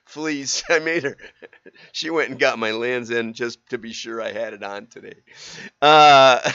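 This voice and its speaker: A man's voice: mid-range voice, a little slow, bright, forceful tone, clean tone, dry recording, muffled recording. A middle-aged man hosting a livestream in a chatty, casual way, laughing often and asking rhetorical questions. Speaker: livestream host.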